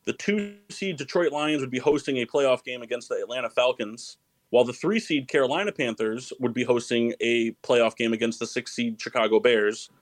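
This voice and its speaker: A man's voice: mid-range voice, moderate pace, no echo, poor audio. A man hosting a casual sports podcast, rambling and correcting himself, laughing often. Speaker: podcast host.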